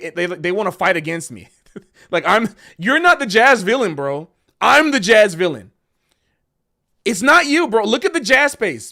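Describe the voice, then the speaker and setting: Animated, emotional man ranting on stream. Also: high-pitched, gravelly. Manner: emotional and passionate, says bro a lot. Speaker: jazz musician streaming a Q&A. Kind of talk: casual livestream rant.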